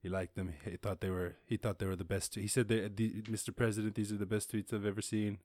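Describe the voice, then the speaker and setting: A man's voice: on the low side, level tone, quick pace, darkish tone, no echo, clean studio sound, close to an everyday voice. A man doing an impression of a boastful older president who rambles and praises himself. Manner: rambling, repetitive bragging.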